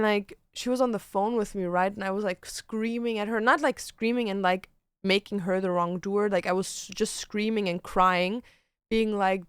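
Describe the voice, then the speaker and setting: Young woman chatting softly, dry close sound. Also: medium pitch, smooth, no echo. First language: German. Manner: halting, full of "like" and restarts. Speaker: streamer. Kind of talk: casual livestream chat.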